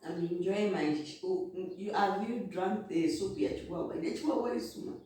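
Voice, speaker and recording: A woman's voice: mid-range voice, normal speed, mellow. A woman talks straight and unpretentiously, chewing as she goes. She sounds far from the mic in a very echoey room. A faint hiss sits under her voice. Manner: direct, blunt, talks while eating. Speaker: vlogger. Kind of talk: casual motivational talk. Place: indoor room, sitting on the floor.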